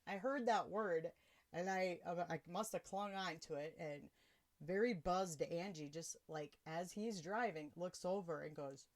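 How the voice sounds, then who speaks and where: A woman hosting a podcast, telling a personal story in a casual, animated way and laughing often. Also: fairly low pitch, a little slow. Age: adult with children. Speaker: podcast host.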